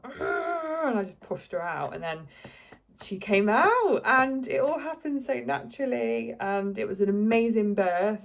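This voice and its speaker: Young woman, lowish voice, casual vlog storytelling, chatty and heartfelt. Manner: chatty, lots of likes and ums, emotional. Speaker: vlogger.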